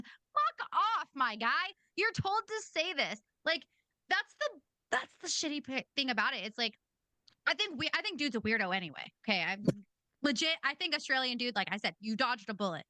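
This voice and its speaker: Bright, blunt woman podcast host. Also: sits high, very animated, normal speed, dry recording. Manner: blunt, swears freely. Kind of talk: casual commentary.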